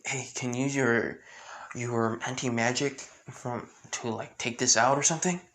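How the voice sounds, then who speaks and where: A man's voice: mid-range voice, steady tone, a little slow, a bit bright, natural voice. Man doing a brash, impatient young mage. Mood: brusque. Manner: blunt and scornful.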